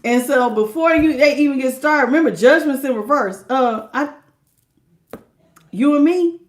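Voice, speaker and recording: A woman runs a live tarot reading, her voice sitting high. She keeps laughing, drops into casual slang and sometimes acts out the lines of the people she reads about. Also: normal speed, slight background noise. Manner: laughs often, slangy and playful. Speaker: tarot reader.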